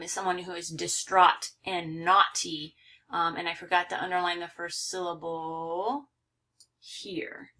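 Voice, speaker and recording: A woman's voice: mid-range voice, pushed and bright. A woman teaching a recorded phonics lesson, carefully overpronouncing example words.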